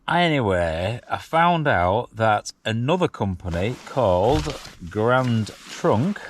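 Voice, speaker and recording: A man with a very deep voice and a Yorkshire accent talks to camera from inside a small tent. He is chatty and self-mocking, chuckling as he goes, like a seasoned wild camper sharing his evening. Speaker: wild camping vlogger. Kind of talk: casual camping vlog chat.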